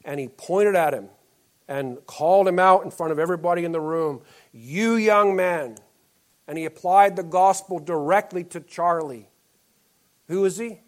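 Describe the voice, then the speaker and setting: A man preaching a sermon as pastor, moving between loud emphatic lines and quiet, slowed-down ones. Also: on the high side.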